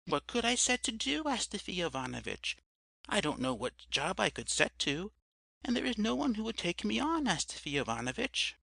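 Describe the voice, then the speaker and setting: A meek, broken-down drunkard pleads in a raised, thin voice, as a male storyteller puts him on. He sounds timid and apologetic, with a gravelly edge and a swinging, lively tone. The recording is close and dry. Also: high-pitched, moderate pace, no room sound, voice pushed up, full character voice. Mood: timid, pleading.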